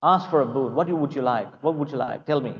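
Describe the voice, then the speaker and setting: A man's voice: medium pitch, fast, long reverb tail, lo-fi sound, natural voice. A man voicing a mighty male lion king in a spoken story, commanding and generous in manner. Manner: commanding, then kindly granting.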